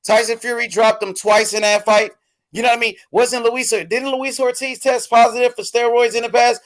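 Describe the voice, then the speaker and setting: A man's voice: very high-pitched, level tone, normal speed. A man hosting a boxing show, arguing heatedly and insisting on being heard. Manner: insistent, interrupting, keeps saying bro. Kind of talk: heated casual debate.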